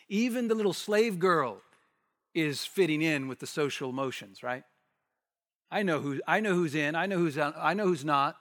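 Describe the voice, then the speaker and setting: Guy giving a sermon, gets worked up acting out the bystanders, big hall echo. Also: on the high side. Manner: animated, acts out the bystanders' challenge. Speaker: preacher. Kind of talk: expository sermon.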